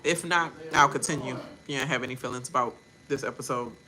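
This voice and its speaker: A woman hosting a reaction channel, ranting in a casual, animated way and mimicking people in quoted voices. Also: extremely low pitch, quick pace, noisy background.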